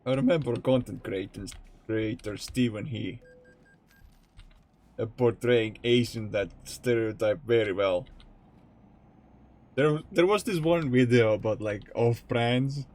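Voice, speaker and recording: A man's voice: medium pitch, takes it slowly, pauses often, darkish tone. A male streamer chatting casually during a game, often breaking into laughter. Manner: giggly, keeps breaking into laughter.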